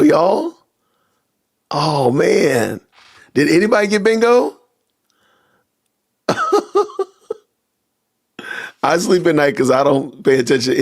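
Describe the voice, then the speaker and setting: A man hosting a casual livestream podcast, reacting out loud and talking to his viewers as "y'all". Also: a little high, lively intonation, normal speed. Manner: talks to chat with y'all, reacting loudly. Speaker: podcast host.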